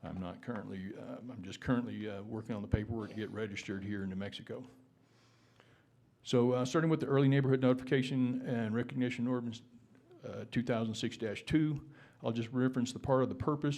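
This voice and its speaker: At a town meeting, a public commenter from Texas testifies quickly in a mid-range, darkish voice, often restarting his words and using formal legal phrasing.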